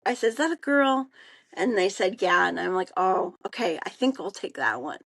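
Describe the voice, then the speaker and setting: A woman, co-hosting a podcast and telling a casual story in an animated way, acting out the people she quotes. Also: medium pitch, normal speed, vocal fry, breathy edge, dry recording, poor audio. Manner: animated, acts out quoted voices. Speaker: podcast co-host.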